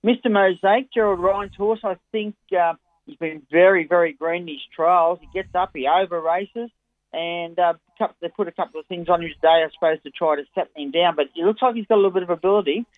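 A man's voice: sits high, a little fast, dry recording. Australian man giving racing tips over a phone line. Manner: chatty, enthusiastic form analysis. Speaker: racing tipster. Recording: tinny phone-line audio.

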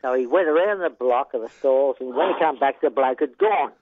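A man's voice: medium pitch, a little fast, no echo. An older Australian man, a retired horse trainer, telling rambling racing stories with chuckles and a constant "yeah". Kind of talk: casual storytelling interview. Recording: tinny phone line.

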